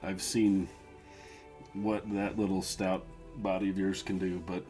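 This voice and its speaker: An easygoing tavern gambler, low and quiet, with a murmured amusement about him, as a game master puts him on. His pitch sits low, soft against faint music. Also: flat delivery, measured pace. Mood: curious. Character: easygoing male tavern patron who likes a wager.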